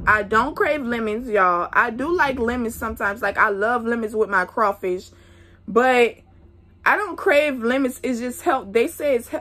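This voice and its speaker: A young woman talks slowly and chattily, calling her viewers y'all. Her voice sits a little high. She is nauseous and stops now and then to catch herself. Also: fairly bright tone. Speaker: vlogger. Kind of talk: casual pregnancy update vlog.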